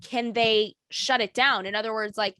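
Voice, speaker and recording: A woman's voice: a little high, steady tone, normal speed, pushed and bright, dry recording. A woman hosting a podcast in a casual interview, probing with pointed follow-up questions. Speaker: podcast host.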